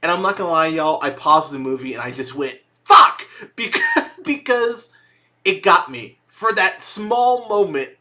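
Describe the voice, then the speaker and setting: A man's voice: a little high, lively intonation, moderate pace, hardly any pauses, pushed and bright. A young man hosting a movie review podcast, talking casually and profanely in a rambling, exasperated way with lots of restarts.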